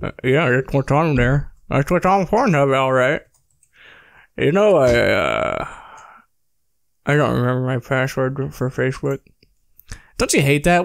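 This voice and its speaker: A man's voice: medium pitch, vocal fry, dry recording, clean studio sound. A young man co-hosting a podcast, trading crude jokes in casual banter and often trailing off into laughter. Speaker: podcast co-host.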